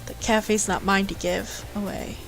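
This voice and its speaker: A woman voicing an anxious young man who hides a secret, hesitant and soft-spoken. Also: mid-range voice, fairly even intonation, measured pace, vocal fry, faint music behind.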